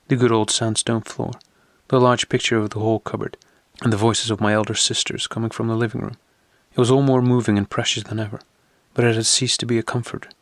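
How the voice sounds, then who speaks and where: A man narrating a literary audiobook in a measured, earnest way. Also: fairly low pitch, vocal fry, dry recording.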